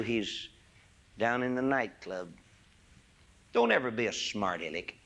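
An older man preaching a sermon, swinging from loud, impassioned peaks to hushed asides. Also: lowish voice.

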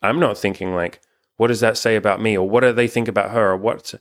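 A man's voice: on the low side, steady tone, fast talker. A young man hosting a casual couple's chat, talking frankly and rambling, swearing often. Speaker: relationship coach and channel host.

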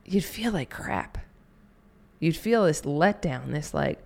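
A woman's voice: deep voice, lively intonation, takes it slowly, creaky, a little mellow. A woman hosting a podcast, giving an earnest, encouraging motivational talk and now and then acting out little quoted scenes. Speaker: podcast host and coach. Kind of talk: motivational monologue.

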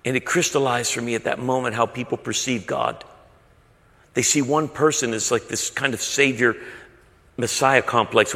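A man's voice: medium pitch, pushed and bright, in a large hall. A man preaching a sermon, telling stories with rising passion. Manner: storytelling, impassioned. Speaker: pastor.

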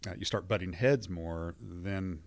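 Deep gravelly man, earnest counselor. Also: a little slow, dry recording. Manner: earnest, affirming, many back-channel hums. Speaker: marriage counselor. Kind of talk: conversational podcast discussion.

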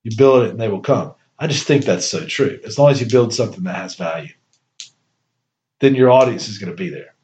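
A man's voice: fairly low pitch, expressive, brisk, a little mellow, lo-fi sound. A man hosting a podcast in casual chat, rambling and enthusiastic, laughing easily. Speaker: podcast host.

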